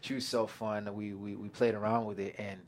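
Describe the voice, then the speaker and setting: A young man chatting as a guest actor in an interview, excitable, laughing often and acting out his own quotes. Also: lowish voice, brisk, a little hiss or hum. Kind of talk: casual interview chat.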